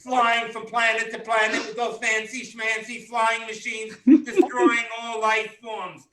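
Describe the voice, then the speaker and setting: A man doing a shouting guilt-tripping mother. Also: high-pitched, very animated, slow pace, exaggerated voice. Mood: scolding. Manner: scolding, shouting. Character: guilt-tripping nagging mother, loud and disappointed.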